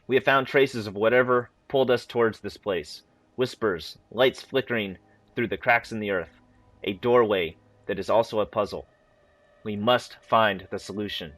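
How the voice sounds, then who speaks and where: A man who hosts a gaming channel, reading in-game story files aloud in a steady, measured way, with a few casual asides. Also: lowish voice, no room sound, faint music behind.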